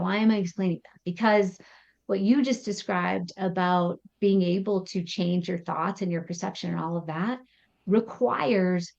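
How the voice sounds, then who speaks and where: A woman's voice: lowish voice, creaky, highs cut off. A woman psychotherapist explaining ideas in a podcast interview, acting out example thoughts as she goes. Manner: animated, acts out example thoughts in quotes. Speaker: psychotherapist guest.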